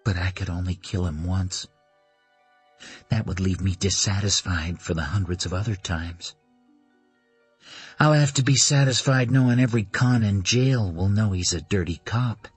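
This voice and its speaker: A man's voice: low-pitched, moderate pace, husky, no echo, faint music behind. A man reading an audiobook, voicing a traumatized young son whose voice turns hard and cold. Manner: pleading, then hard and cold. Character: traumatized young son, boy, fierce and grieving. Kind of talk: audiobook character voice.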